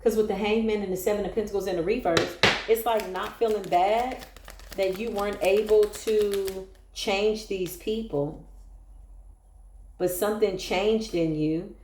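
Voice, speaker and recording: Woman reading tarot, emotional and emphatic, mid pitch, roomy echo. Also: moderate pace, a little mellow. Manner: emphatic, emotional, exclaims often. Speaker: tarot reader.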